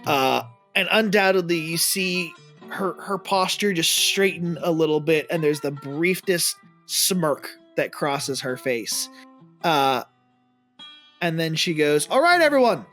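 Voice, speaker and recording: A man's voice: fairly high pitch, slow pace, fairly bright tone, soft background music. A man narrating as dungeon master, rambling with many ums and restarts. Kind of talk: narrating a tabletop game.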